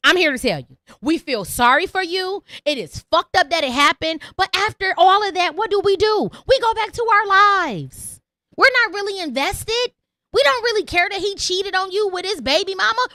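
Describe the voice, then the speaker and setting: Woman podcast host, very high and bright, swooping pitch; blunt, profane rant. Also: very animated, moderate pace, dry recording, clean studio sound. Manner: repeats lines for emphasis. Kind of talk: opinionated call-in podcast monologue.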